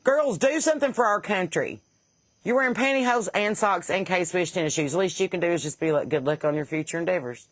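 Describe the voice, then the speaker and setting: A woman's voice: lowish voice, expressive, fairly quick, dry recording. A woman podcast host with a Southern accent, blunt and sarcastic in casual comedic talk, laughing at her own jokes and a bit stuffy from sinus trouble.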